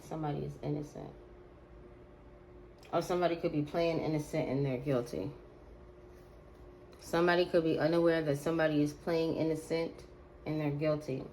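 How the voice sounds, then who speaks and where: A woman's voice: low-pitched, fairly even intonation, a little mellow, slight background noise, low-quality recording. A woman giving a casual, slangy tarot reading to her viewers, repeating phrases and drawing words out. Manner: slangy, drawn-out repetitions. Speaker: tarot reader.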